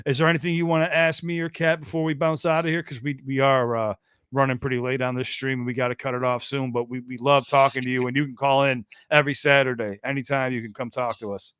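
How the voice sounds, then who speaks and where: An American man talks on a podcast with a smooth, resonant voice in a middle register. He chats easily with a caller, loose and talkative, and leans on fillers and restarts. The sound is dry and close. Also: medium pitch, little pitch movement, fast, a bit bright, no room sound. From United States. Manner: chatty and easygoing, many fillers and restarts. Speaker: podcast co-host. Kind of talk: casual podcast chat with a caller.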